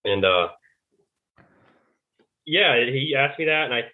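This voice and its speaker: A man, a former Navy serviceman, telling his story as a podcast guest in a halting, rambling way. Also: medium pitch, expressive, a little hiss or hum. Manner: rambling, halting, retells dialogue. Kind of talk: casual interview storytelling. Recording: tinny phone-like line.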